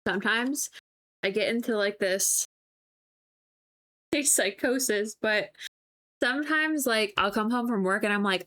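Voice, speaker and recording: A woman's voice: medium pitch, unhurried, pauses often, a bit bright. A woman chatting casually with her viewers on a live stream while she paints, rambling and breaking into giggles, with lots of "like" fillers.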